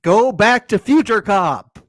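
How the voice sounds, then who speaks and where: A man's voice: high-pitched, slow pace, no room sound. Joking male podcast co-host. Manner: joking, deadpan asides. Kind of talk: casual recap chat.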